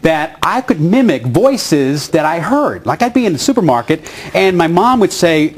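An older man, a voice actor and comedian, telling an animated comic story and mimicking voices on a talk show. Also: fairly high pitch, normal speed, breathy edge.

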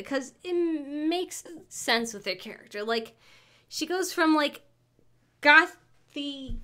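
A woman's voice: high-pitched, a bit bright. A woman streamer in casual livestream chat, rambling and often breaking off mid-word to restart. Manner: rambling, with frequent self-interruptions and restarts.

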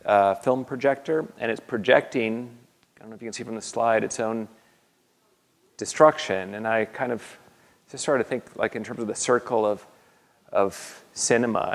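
Low, gravelly man in a reverberant lecture hall. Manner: halting, with many fillers and restarts. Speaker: artist giving a lecture. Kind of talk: slide talk to an audience.

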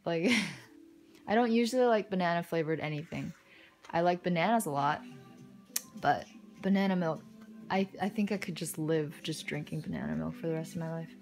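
A young woman casually commenting as she unboxes a photobook, gushing and excitable, with soft muttered asides between her exclamations. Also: on the low side, normal speed, long pauses, faint music behind. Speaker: unboxing vlogger.

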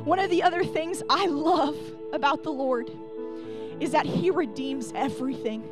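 High-voiced woman pastor preaching earnestly. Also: moderate pace, music in the background. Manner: earnest, tender, rising to emphatic peaks. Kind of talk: sermon.

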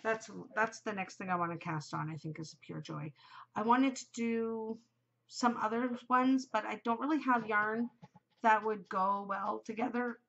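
A woman's voice: a little high, fairly even intonation, a little slow, gravelly, fairly bright tone, slight background noise. A middle-aged woman hosting a casual chat podcast, chatty, emotional and gushing as she talks. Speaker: podcast host. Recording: muffled lo-fi home recording.

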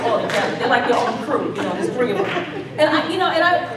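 A woman's voice: on the high side, animated, fast talker, a loud crowd. A woman preaching a casual, playful sermon, joking and laughing with the congregation. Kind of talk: conversational sermon. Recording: echoey church hall, mic at a distance.

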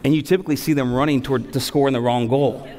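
A man in his thirties, a pastor preaching a sermon, animated and repeating key phrases for emphasis between humorous stories. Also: mid-range voice, quick pace. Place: church sanctuary. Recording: long hall reverb.

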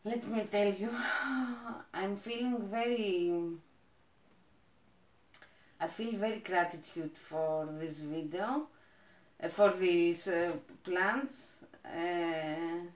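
A woman from Greece with a Greek accent, chatting as she unboxes plants, gushing and halting with fillers. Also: fairly low pitch, reverberant. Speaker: plant vlogger. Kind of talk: casual unboxing chat.

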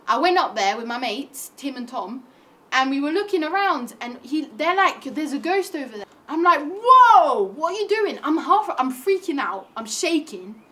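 A young woman, delivering a comic monologue that retells a classic play in modern slang, animated and full of slangy asides. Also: high voice, normal speed. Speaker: comedic performer.

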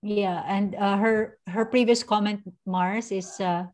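A woman's voice: mid-range voice, steady tone, a little slow, a little mellow. Hesitant woman on a video call. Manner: hesitant, searching for words, many fillers. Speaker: panelist. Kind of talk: online panel discussion.

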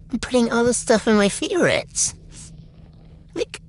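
A woman's voice: fairly high pitch, a little slow, pauses often, slight background noise. Gushing girl gaming creator. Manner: gushing, excitable, lots of fillers like "like". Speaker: game creator. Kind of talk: casual gameplay commentary.

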